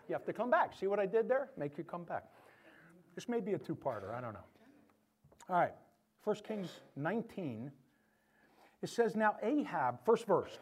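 A male pastor delivers a sermon in a high, lively voice that swings up and down. He jokes with the congregation and acts out the Bible figures as he tells their stories. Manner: animated, joking asides to the congregation.

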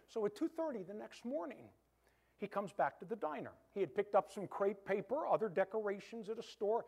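A man preaching a sermon, retelling a story in lively quoted dialogue. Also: high-pitched, brisk, vocal fry, husky.

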